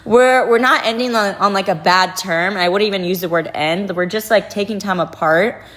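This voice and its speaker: A woman's voice: medium pitch, normal speed, a bit bright. A young woman tells a personal story in a loose, confessional way. Her speech is restless and emotional, packed with "like" and restarts. She sounds like a guest talking openly about something that shook her. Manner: heavy use of "like", emotional and restless. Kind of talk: casual confessional account.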